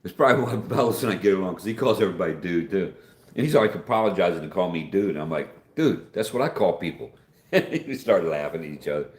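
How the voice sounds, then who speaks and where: A man's voice: deep voice, expressive, fast, darkish tone, echoey room. A man hosting a casual livestream, chatting folksily and reading out viewer comments, calling everyone man or dude. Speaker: livestream host.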